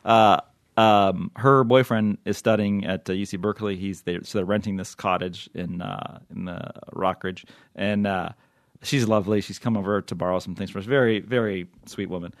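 Low-voiced chuckling male podcast host. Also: fairly even intonation, normal speed, no echo, studio quality. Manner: rambling, chuckling, many fillers. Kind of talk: casual chat.

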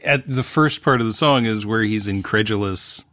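A man's voice: fairly low pitch, moderate pace, a bit bright, no echo. A man in a casual podcast discussion who restarts his sentences and chuckles often. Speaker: podcast panelist.

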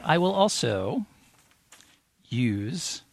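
A man's voice: a little high, very animated, very slow, creaky, a crowd in the background. A man playing in a tabletop game who talks playfully and hums filler sounds. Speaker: player. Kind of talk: casual tabletop play.

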